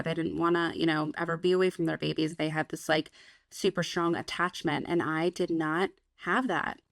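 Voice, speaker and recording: A woman's voice: deep voice, gravelly, no room sound. A young woman co-hosting a podcast, talking frankly and casually, swearing freely and acting out her own past thoughts. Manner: frank, swears freely, quotes herself in voices. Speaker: podcast co-host. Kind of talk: candid casual chat.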